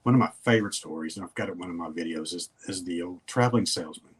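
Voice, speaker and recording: A man's voice: sits low, rapid-fire, husky. An older man, a guest in a casual interview, telling stories in a folksy, rambling way.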